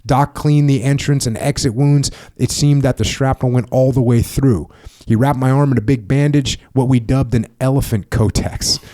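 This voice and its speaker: Low, mellow-voiced male podcast host. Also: no room sound. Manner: steady, measured reading with brief questions. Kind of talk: reading a memoir aloud and interviewing.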